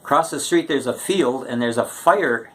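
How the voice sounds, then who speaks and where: A woman caller reports a fire and asks for help in a plain, hurried way, as a man telling a joke quotes her. The voice stays at an ordinary middle pitch with no put-on character. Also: fairly bright tone, natural voice. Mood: urgent.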